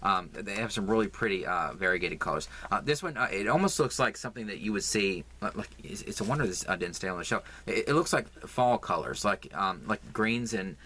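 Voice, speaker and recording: Halting Southern man chatting about yarn. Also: lowish voice, lively intonation, bright, forceful tone, a little hiss or hum. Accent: Southern American. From American South. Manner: halting, lots of fillers and repeats. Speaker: crafting vlogger. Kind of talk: casual yarn haul chat.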